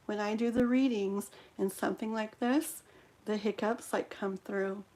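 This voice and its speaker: A woman hosting a spiritual live stream, talking gently and repetitively, guiding listeners through a candle ritual, hiccuping now and then. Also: mid-range voice. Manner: gentle, repetitive, reassuring with frequent "okay".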